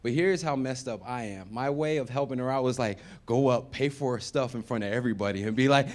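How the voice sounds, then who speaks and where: Dude doing stand-up, chatty storytelling, mumbles then gets loud for the punchlines, stage mic. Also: male voice, medium pitch, fairly quick, hardly any pauses. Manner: conversational, swings from mumbled asides to loud punchlines. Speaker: stand-up comedian. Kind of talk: stand-up comedy set. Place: comedy venue with live audience.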